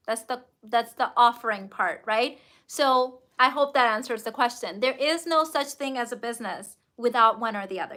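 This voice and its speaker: A high-pitched woman coach talks to her viewers in a casual livestream. Her voice is bright and forceful. She is gushing and emphatic and throws in the odd curse word. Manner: effusive and emphatic, with casual swearing. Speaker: business coach and host.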